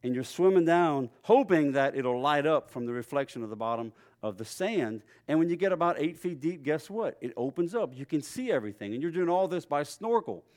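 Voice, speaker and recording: A middle-aged man preaching in a relaxed, conversational way. His slightly raised voice swings between loud and quiet as he tells stories. It sounds like a casual sermon. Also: fairly high pitch, fairly quick, hardly any pauses. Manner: storytelling, conversational, lively voice swings. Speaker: pastor.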